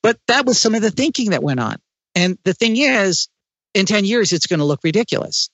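Animated man explaining in an interview. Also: high-pitched, brisk, dry recording, lo-fi sound. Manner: animated, explanatory, with frequent restarts. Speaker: interview guest. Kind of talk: conversational interview.

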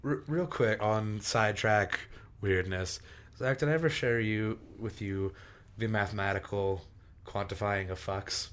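Young male co-host, lowish voice, eager, rambling, profane banter. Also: unhurried, fairly bright tone. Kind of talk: casual chat.

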